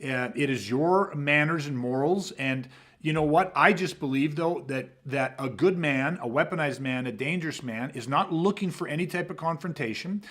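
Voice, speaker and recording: A man's voice: on the high side, moderate pace, a bit bright. A man hosting a podcast, talking in a blunt, emphatic, profane way. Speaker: podcast host. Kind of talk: casual podcast talk.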